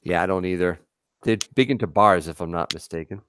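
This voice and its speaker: A man's voice: low voice, brisk, a bit bright, a little hiss or hum. A man co-hosting a casual livestream, chatty and laughing often as he reads comments aloud. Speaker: livestream co-host. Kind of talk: casual live chat.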